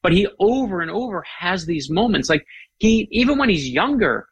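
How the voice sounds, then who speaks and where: A man's voice: sits high, moderate pace, breathy edge, dry recording, lo-fi sound. A middle-aged man, a guest author, chatting with enthusiasm and telling stories. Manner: enthusiastic, animated storyteller. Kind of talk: casual chat.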